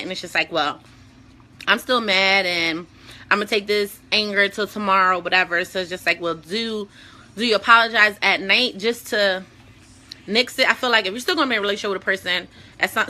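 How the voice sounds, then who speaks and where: A woman's voice: medium pitch, pushed and bright. A woman hosting a casual talk vlog, speaking bluntly and conversationally with lots of profanity. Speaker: show host.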